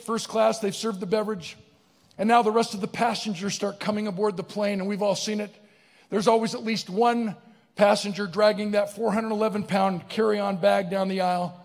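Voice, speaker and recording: A middle-aged man giving a comic, animated motivational speech, telling a story to a live audience. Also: sits high. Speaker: keynote speaker. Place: large barn event venue, live audience. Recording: long hall reverb.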